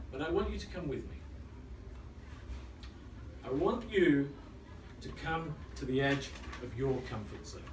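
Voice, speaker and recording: A man in his thirties giving a storytelling speech, dramatic and dropping to a hush for tension. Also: medium pitch, a little hiss or hum. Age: 30s. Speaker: club speaker. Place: function room. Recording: echoey room, mic at a distance, faint ambience.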